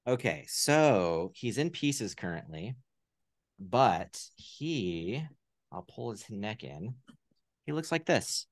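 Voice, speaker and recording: A man, a puppeteer, chatting casually as an interview guest in a relaxed, rambling way over a video call. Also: fairly low pitch, slow, no echo, studio quality. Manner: relaxed, rambling, many fillers. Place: home room via video call.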